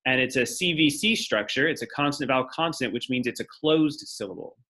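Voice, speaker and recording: A teacher lectures his class one step at a time, explaining and thinking aloud while he writes on the board. His mid-range voice is pushed and bright, and he talks a little fast.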